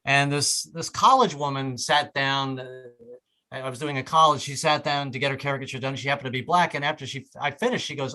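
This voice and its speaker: A middle-aged man performing a stand-up comedy set on a club stage, breaking into loud shouted impressions. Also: mid-range voice, steady tone, brisk, poor audio.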